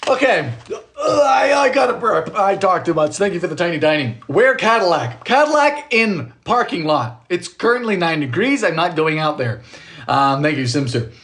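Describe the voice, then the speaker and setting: A man's voice: a little high, expressive, moderate pace, a bit bright. A man chatting on a live stream from his home kitchen, reading viewers' comments aloud and cracking jokes as he bakes. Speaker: home baker livestreaming. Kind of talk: casual live-stream chat.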